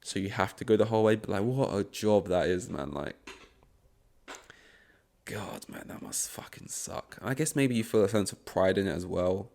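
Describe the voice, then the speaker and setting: A man's voice: lowish voice, expressive, normal speed, dark tone. A young man rambling through a casual solo podcast monologue, swearing often, with many fillers and restarts. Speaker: podcast host.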